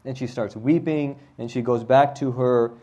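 A man teaches a religious lesson, retelling the story conversationally and regularly checking in with listeners with a quick "right?" His medium-pitched voice is mellow with fairly even intonation, and the audio sounds dull.

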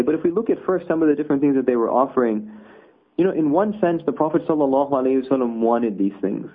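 A man's voice: mid-range voice, slightly rough. A man teaching a conversational religious lesson, explaining with rhetorical asides. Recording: tinny phone-like audio.

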